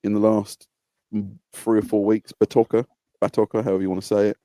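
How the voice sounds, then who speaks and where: A man guesting on a detailing podcast, talking in a casual, animated and self-mocking way. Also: lowish voice, quick pace, no room sound.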